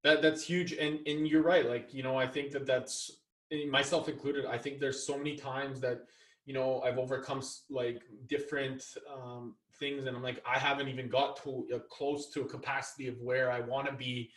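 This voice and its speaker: Halting male host in an echoey room. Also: medium pitch, level tone, recorded from a distance. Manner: halting, many fillers and restarts. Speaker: podcast host. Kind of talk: casual interview.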